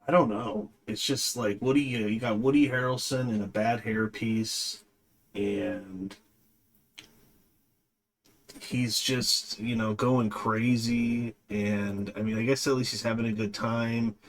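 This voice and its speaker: A man's voice: lowish voice, steady tone, slow. A man reviewing a movie in a casual, rambling way, with lots of fillers and a dismissive tone.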